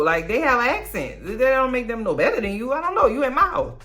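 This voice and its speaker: A woman recapping a TV episode in casual, blunt, profane chat, swooping up in pitch to stress her points. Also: quick pace, few pauses. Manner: blunt, profane, chatty commentary; expressive, swoops high for emphasis. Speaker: TV recap vlogger.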